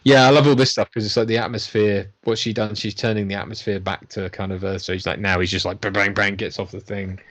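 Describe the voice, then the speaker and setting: A man's voice: lowish voice, flat delivery, fast talker, hardly any pauses, a bit bright. A man casually chatting through a film watch-along, rambling and swearing, laughing often. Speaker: podcast co-host. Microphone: lavalier.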